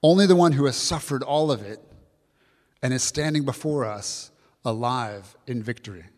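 A man's voice: mid-range voice, normal speed, darkish tone, in a large hall. A man preaching a sermon, earnest and reflective, asking his listeners questions and reading scripture aloud. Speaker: pastor.

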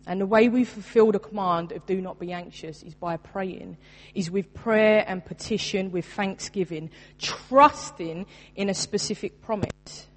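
A woman in her thirties delivers a sermon, earnest and personal, leaning hard on key lines. Her mid-pitched voice carries a long reverb, as if she is speaking in a large church hall. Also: unhurried. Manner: earnest, personal, emphatic preaching. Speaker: preacher.

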